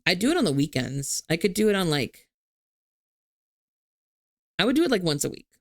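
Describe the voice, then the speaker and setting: A woman's voice: lowish voice, very animated, moderate pace, no room sound, clean studio sound. A young woman streamer chatting casually with her viewers, laughing often and swearing freely.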